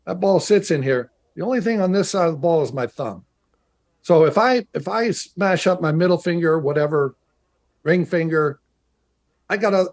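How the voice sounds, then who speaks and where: A man, a former player turned team broadcaster, chatting in a casual interview over a video call and telling stories in an animated way. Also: a little high. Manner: storytelling, animated, quick asides.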